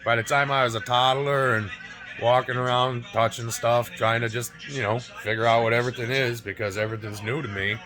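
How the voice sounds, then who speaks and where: The audio is poor, with music behind a brisk, steady-toned, medium-pitched man in his forties. As a fitness vlogger, he tells the camera a painful personal story, emotional and near tears, cursing often and punctuating lines with "right?" and "you know?".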